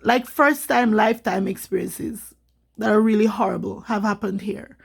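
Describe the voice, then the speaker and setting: A woman from Jamaica, vlogging in an emotional, rambling way and getting animated when she quotes people. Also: medium pitch, moderate pace, creaky, slightly rough. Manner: rambling, upset, animated when quoting others. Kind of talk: emotional personal vlog.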